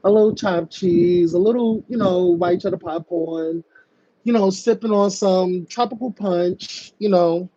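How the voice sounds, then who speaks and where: A woman hosting a live stream, chatting casually about online drama, reading viewer comments and slipping into high mocking voices to act scenes out. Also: a little slow, warm tone, a little hiss or hum. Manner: chatty, slangy, reads viewer comments aloud. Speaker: livestream host. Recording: dull lo-fi stream audio.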